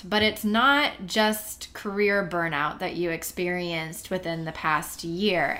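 A woman hosting an interview, framing her questions at length in a measured way. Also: medium pitch, pushed and bright. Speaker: interview host.

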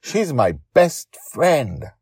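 An eager, boastful young boy in a storybook, pitched high above a husky, gravelly base, as a man acts him out. He sounds excited and sure of himself, recorded close and dry. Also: drawn-out words, no room sound, exaggerated voice. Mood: proud.

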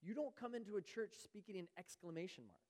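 Pastor preaching in a reverberant church. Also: male voice, high-pitched, fast. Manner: earnest, swells louder on key phrases and drops to near-whispers; acts out everyday voices of churchgoers. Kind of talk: sermon. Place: church sanctuary.

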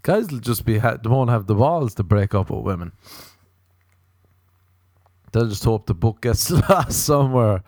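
A man's voice: on the low side, animated, measured pace, long pauses, a little mellow, no room sound, studio quality. A young Irish man hosting a podcast, rambling and swearing in a casual comic monologue, often slipping into playful quoted voices. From Ireland. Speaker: podcast host.

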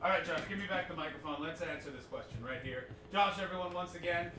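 A man's voice: on the high side, quick pace, reverberant, background noise. A man in his twenties from Canada hosting a live comedy podcast, riffing profanely on audience members. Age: 20s. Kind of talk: live stand-up podcast banter.

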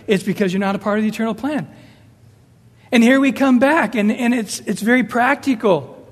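A man's voice: very high-pitched, a little fast, long reverb tail. A man preaching a sermon emphatically, rising and falling as he acts out the voices he quotes. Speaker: pastor.

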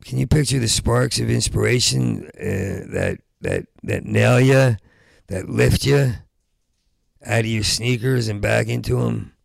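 A man doing a rambling stand-up comedy set, stuttering through restarts and breaking into loud rants. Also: medium pitch, big pitch swings, unhurried, creaky, dry recording, clean studio sound.

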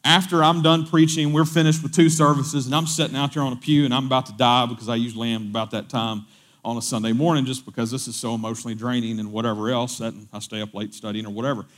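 A man, a pastor telling a story during a sermon in a conversational way, often repeating words and quoting people in animated voices. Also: mid-range voice, fast talker.

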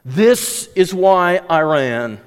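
A man's voice: sits high, expressive, drawn-out words, clean tone, pitched above the performer's own voice, heavily acted. A preacher voicing an angry, sulking male prophet who pleads to die rather than see his enemies spared. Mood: bitter. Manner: petulant, pleading. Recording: long hall reverb.

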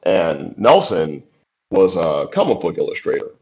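A man in his forties, a screenwriter being interviewed, tells a long story in a relaxed, chatty way. His voice sits on the low side, and he keeps filling it with asides and laughs. The recording is muffled and lo-fi. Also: measured pace, a little hiss or hum. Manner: loose and chatty, many "like" and "you know" asides, laughs easily. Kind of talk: casual storytelling. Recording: dull lo-fi recording.

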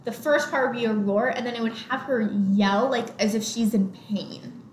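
A woman's voice: on the high side, moderate pace. A young woman co-hosting a casual movie podcast, recapping plots in a chatty way and filling her talk with "like". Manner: chatty, heavy use of "like" fillers, recaps plots. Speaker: podcast co-host. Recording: echoey room with faint noise.

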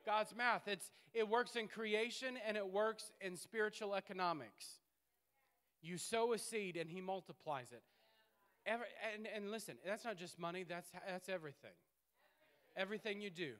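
A man preaching a sermon in a playful, animated way, swinging between loud bursts and hushed asides. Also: high voice, moderate pace, clean tone.

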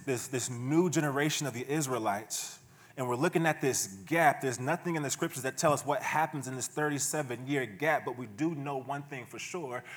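A man preaching a sermon in a church sanctuary, with an easy, everyday delivery. He talks like he is chatting with friends, chuckles often, and drops in playful asides to the congregation. His voice sits at a middle pitch for a man. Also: fairly bright tone. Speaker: pastor.

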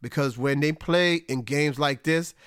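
A man hosting a solo sports podcast, talking animatedly and swinging between excited highs and low, resigned asides. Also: unhurried, smooth, no room sound, studio quality. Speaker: podcast host.

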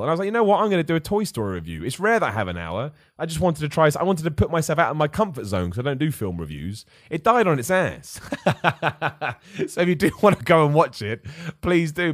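An upbeat man hosts a live podcast and chats casually through viewer questions. His voice swings freely up and down. The sound is close and dry, with no room echo. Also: medium pitch. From England. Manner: chatty, upbeat, reads viewer questions aloud. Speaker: podcast host. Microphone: studio microphone.

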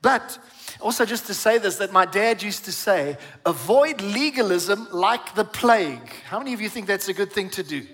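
Man, pastor, sermon, high voice, emphatic, call-and-response, reverberant hall. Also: fairly quick, bright, forceful tone.

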